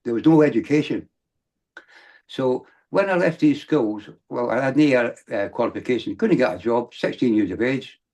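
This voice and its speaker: A man's voice: medium pitch, lively intonation, normal speed, darkish tone, lo-fi sound. A middle-aged man, telling his life story as a podcast guest in a rambling, candid way that builds up to emphatic bursts. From Britain.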